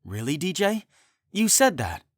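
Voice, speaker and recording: A man's voice: a little high, wildly swooping pitch, a little slow, no echo, clean studio sound, voice pushed up. A man voicing a brash young woman ranger who talks bluntly. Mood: startled.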